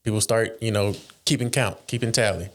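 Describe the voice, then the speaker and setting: A man with a fairly low voice talks through a casual podcast chat. He tells stories with animation, acts out quoted dialogue and breaks into laughter often. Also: steady tone, a little fast. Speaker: podcast co-host.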